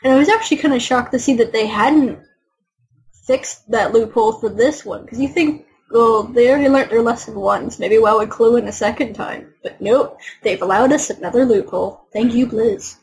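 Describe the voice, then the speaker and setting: A woman in easygoing conversation on a gaming podcast, her voice sitting a little high. She chats in a relaxed, friendly way and laughs along with her co-host. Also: moderate pace, low-quality recording. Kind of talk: casual chat.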